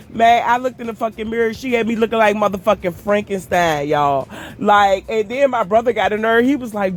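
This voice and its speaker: A woman telling a casual storytime vlog while walking, animated and profane, often calling her viewers "y'all". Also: mid-range voice, normal speed. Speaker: storytime vlogger.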